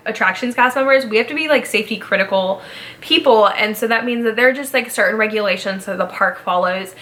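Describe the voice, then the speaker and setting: Bright-voiced chatty young woman. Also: medium pitch. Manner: chatty, upbeat, frequent "like" fillers. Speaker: vlogger, former theme park ride guide. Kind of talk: casual chat.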